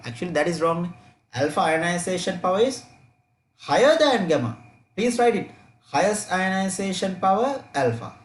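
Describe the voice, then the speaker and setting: A man teaching an online chemistry revision class, repeating key points and checking students' answers aloud. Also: sits high.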